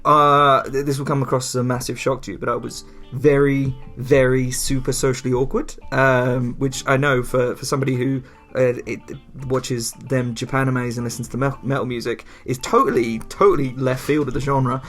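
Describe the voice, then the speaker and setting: A man's voice: mid-range voice, fairly even intonation, normal speed, few pauses, a bit bright, faint music behind. A young man co-hosting a podcast in casual chat, rambling with lots of fillers, swearing and laughing at himself. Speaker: podcast co-host.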